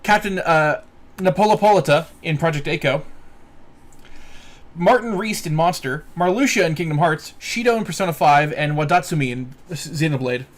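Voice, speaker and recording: A man's voice: fairly high pitch, normal speed. A man co-hosting a casual anime podcast, reading off voice-actor credits and swearing freely. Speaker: podcast co-host.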